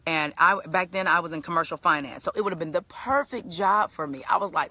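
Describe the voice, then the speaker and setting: A middle-aged woman telling her life story as a motivational speaker in a live stream, animated and conversational with a preacherly lift. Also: fairly low pitch, fast talker, few pauses, no room sound.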